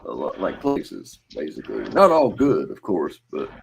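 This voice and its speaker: A man's voice: a bass voice, wildly swooping pitch, moderate pace, gravelly, poor audio. A male comedian in casual chat, joking around and slipping into mock accents. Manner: jokey, slips into mock accents.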